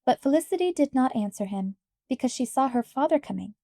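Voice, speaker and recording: A woman reading an audiobook aloud, narrating a children's story in a calm, clear way. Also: a little high, normal speed, hardly any pauses, no echo, clean studio sound. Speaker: audiobook reader.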